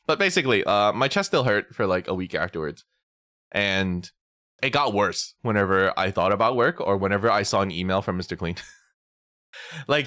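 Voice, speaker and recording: Animated young man with a lively voice. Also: fairly low pitch, no echo, clean studio sound. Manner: animated storytelling, swearing, frequent laughs and restarts. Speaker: VTuber streamer. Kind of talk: casual chat stream.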